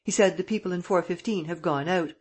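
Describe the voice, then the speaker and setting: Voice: mid-range voice, fairly quick, breathy edge, natural voice. A reader's matter-of-fact hotel head waiter.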